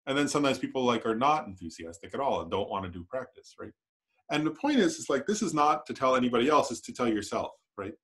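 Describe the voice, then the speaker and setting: A man's voice: mid-range voice, sing-song, fast talker, a bit bright. A man teaching a Buddhist class at a meditation center in a conversational way, often checking in with "right?". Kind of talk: dharma class lecture.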